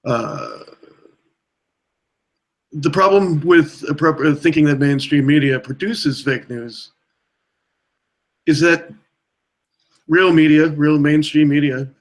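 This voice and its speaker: Deadpan male panelist, slow, halting, dry humor. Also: on the high side. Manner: deadpan, halting, many fillers. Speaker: provost of a mock college. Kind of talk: mock press conference.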